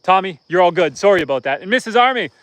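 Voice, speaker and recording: Easygoing Canadian homesteader, clear voice. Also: male voice, sits high, lively intonation, fast, a bit bright, no echo. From northern Canada. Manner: easygoing and rambling, reads viewer comments aloud. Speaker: homesteading livestream host. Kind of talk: casual livestream chat. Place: outdoors on a homestead.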